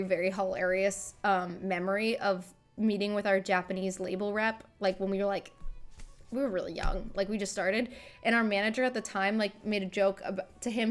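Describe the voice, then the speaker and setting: A woman with a medium-pitched, fairly bright voice runs a livestream, reading comments as she chats. Her talk is loose and rambling, self-deprecating, and packed with filler words.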